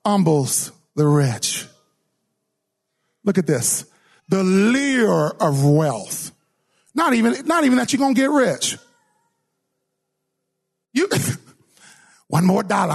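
A middle-aged preacher with a high, gravelly, slightly rough voice tells an animated story in his sermon. He takes on the voices of the characters and often repeats words or starts them over.

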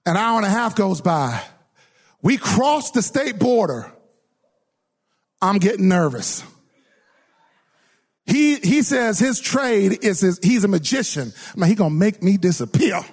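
Animated high-voiced preacher man. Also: unhurried, pauses often, slightly rough. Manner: animated, acts out voices in his story; repeats words and restarts often. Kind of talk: sermon with personal story.

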